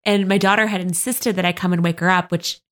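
A woman's voice: on the low side, fairly even intonation, fast talker, fairly bright tone. A woman in her thirties co-hosting a podcast about motherhood in a casual chat, gushing and laughing often. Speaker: podcast co-host.

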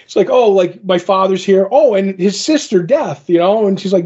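A man co-hosting a podcast in casual comic book chat, retelling scenes with animated character lines. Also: sits high, moderate pace, slightly rough, dull audio. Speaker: podcast co-host.

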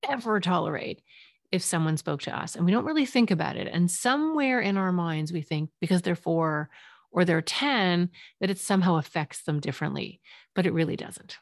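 A woman's voice: lowish voice, expressive, normal speed, faint music behind. A woman therapist hosting a parenting podcast, talking earnestly and conversationally and sometimes acting out short quotes. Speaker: podcast host, child and family therapist. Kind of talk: solo parenting podcast talk.

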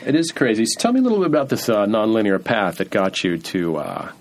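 A man's voice: lowish voice, wildly swooping pitch, fast talker. A middle-aged man hosting a podcast interview, chatty and wry, often restarting his sentences. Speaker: podcast host. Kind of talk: casual interview.

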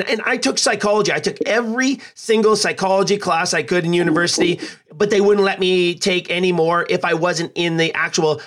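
A middle-aged man hosting a podcast, talking in a reflective, earnest way with pauses. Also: high voice, fairly bright tone. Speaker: podcast host and athletic trainer. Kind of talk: conversational interview.

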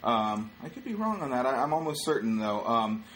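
A man's voice: mid-range voice, very animated, a little fast, a bit bright, slight background noise. A middle-aged man, a stand-up comedian and podcast co-host, talking in loose, rambling casual chat, full of filler words.

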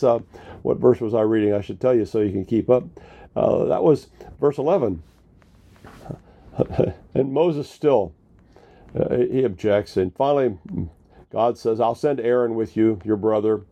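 A man's voice: mid-range voice, creaky, mellow. A male pastor giving a sermon in a conversational storytelling manner, retelling scripture with casual paraphrased dialogue.

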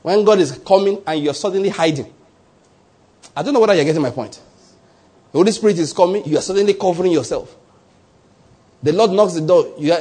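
A middle-aged Nigerian man preaching a sermon, animated, stretching key words for emphasis and chuckling between points. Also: sits high, a little fast, pauses often, husky. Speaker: pastor.

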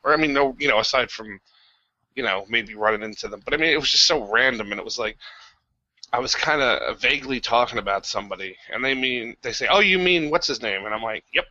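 Bright-toned hesitant man, dry and muffled. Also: mid-range voice, quick pace. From New Jersey. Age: 30s. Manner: hesitant, hedging, with many fillers. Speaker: podcast guest. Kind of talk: casual podcast chat.

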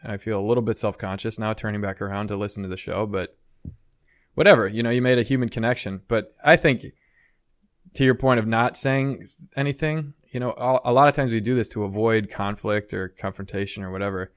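A man's voice: on the low side, steady tone, brisk, dry recording. Chatty man telling stories, dry sound. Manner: rambling storyteller, lots of "you know" and "like". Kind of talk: casual chat.

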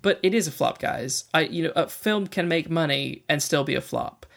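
A man with a fairly high voice and a gravelly, creaky edge talks about a film in casual chat. He is animated and slips into quoted voices. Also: normal speed. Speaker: film reviewer.

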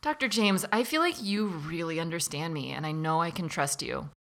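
A woman's voice: deep voice, normal speed, creaky, fairly bright tone. A woman voicing a volatile, angry young woman who is a psychiatric patient in an educational role-play. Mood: clingy. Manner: hostile, then clingy and pleading.

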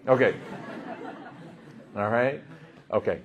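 A young man teaching a class, telling stories in a lively way that swings between loud emphasis and hushed asides. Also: fairly low pitch, very slow, muffled recording, some chatter behind, a little hiss or hum. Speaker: Islamic teacher. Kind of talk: lively class talk with storytelling.

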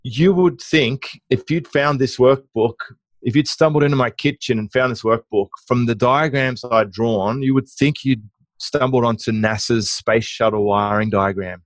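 A middle-aged man chats as an interview guest, spinning anecdotes with energy and stumbling restarts. His voice sits at an ordinary mid pitch. The recording is dry, with no room sound. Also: moderate pace, no echo. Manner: lively anecdotal, with frequent restarts. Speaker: guest, online marketing business owner. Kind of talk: conversational interview storytelling.

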